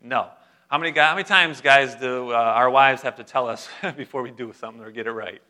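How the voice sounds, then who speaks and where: A young adult man preaching a sermon as pastor, animated and humorous, speaking directly to his congregation. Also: mid-range voice, fairly quick.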